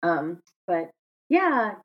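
A woman's voice: lowish voice, sing-song, very slow, slightly rough. A woman co-hosting a podcast in casual chat, rambling and correcting herself as she goes. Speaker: podcast co-host. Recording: slightly dull lo-fi sound.

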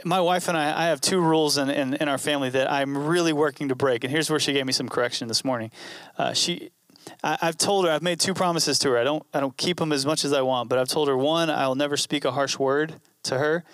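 A man's voice: on the high side, quick pace, fairly bright tone, dry recording, clean studio sound. A man preaching a sermon in an earnest, conversational way, repeating key phrases. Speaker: pastor.

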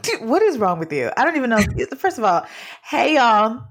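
A woman co-hosting a podcast in relaxed, chatty talk. She teases her partner and throws in quick asides, at an ordinary middle pitch. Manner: playful, teasing, quick asides. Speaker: podcast co-host. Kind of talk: casual chat.

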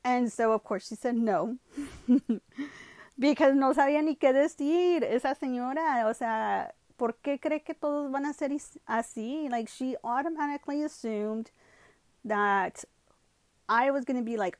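A woman's voice: sits high, measured pace, darkish tone, no echo. A woman telling a personal story in a casual vlog, switching between English and Spanish and filling her talk with "you know" and "like.". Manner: lots of "you know" and "like" fillers. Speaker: vlogger.

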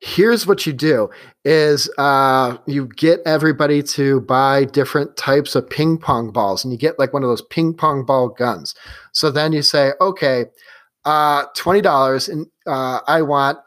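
A man joking around and asking questions in a relaxed conversation. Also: medium pitch, a little slow. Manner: joking, laughs easily. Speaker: podcast co-host. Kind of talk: casual chat.

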